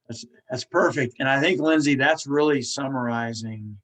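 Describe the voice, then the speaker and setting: A man's voice: medium pitch, moderate pace, fairly bright tone, poor audio. A man hosting a podcast, talking casually and encouragingly while he stutters, repeating words and restarting. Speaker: podcast host.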